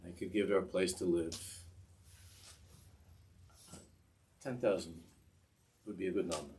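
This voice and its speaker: Man doing a desperate poor laborer father, deep voice, pleading. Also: steady tone, a little mellow, a little hiss or hum. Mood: praying. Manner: pleading, hurried confession.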